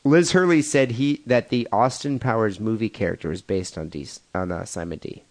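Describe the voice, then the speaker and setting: A man's voice: on the low side, normal speed, a little mellow. A man co-hosting a crude comedy podcast in casual chat, rambling with lots of fillers and laughing at his own jokes. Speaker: podcast co-host.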